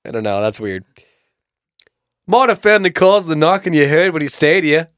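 A man's voice: fairly high pitch, big pitch swings, normal speed, a bit bright, no echo, clean studio sound. A man putting on an Australian dad accent. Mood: bemused. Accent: put-on Australian. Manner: jokey, laughing through the lines. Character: middle-aged Australian dad with a shaky put-on accent.

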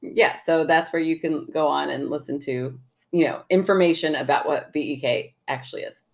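A woman's voice: deep voice, fairly even intonation, moderate pace. A young adult woman co-hosting a podcast, casually reading out a listener's story and teasing her co-host, laughing easily.

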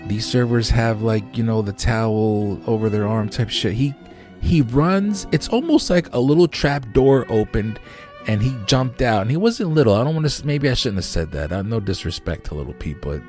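A man hosting a podcast, telling a rambling, profane story in a casual, animated way. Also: mid-range voice, moderate pace, soft background music. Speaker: podcast host.

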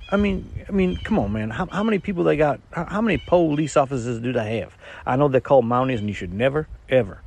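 A man's voice: medium pitch, animated, fast talker, darkish tone, a little hiss or hum. A man delivering a rambling, stammering comic monologue as a regular caller, losing his train of thought.

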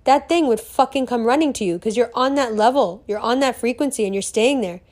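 Brief: higher-voiced woman, stream host, bubbly and gushing, swears casually, "like" in every phrase. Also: brisk, darkish tone. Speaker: host of her own live stream. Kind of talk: casual motivational monologue. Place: sitting on a velvet couch in a room full of bamboo.

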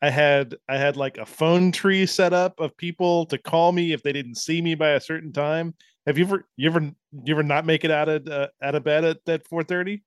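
A man co-hosts a casual podcast and jokes in quick, halting bursts. His voice is smooth and resonant, a little high. It sounds dry and close. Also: steady tone, dry recording. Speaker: podcast co-host.

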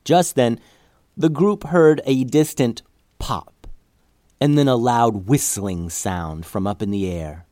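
A man's voice: medium pitch, takes it slowly, warm tone, no room sound, studio quality. A man narrating an adventure story aloud, building tension through the action scenes.

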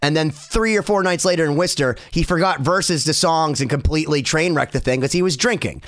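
Male co-host, higher-pitched, eager, dry close-miked sound. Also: a little fast, a bit bright, dry recording. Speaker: podcast co-host, documentary maker. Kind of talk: casual chat.

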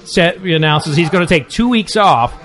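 A man's voice: on the high side, lively intonation, normal speed, a bit bright. A man hosting a food and drink podcast from a bar, talking in a loose, joking, rambling way. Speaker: podcast host. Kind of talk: casual chat.

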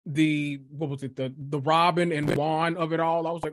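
A man's voice: fairly high pitch, little pitch movement, normal speed, dry recording, studio quality. A man co-hosting a podcast in casual chat, blunt and profane, exasperated. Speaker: podcast co-host.

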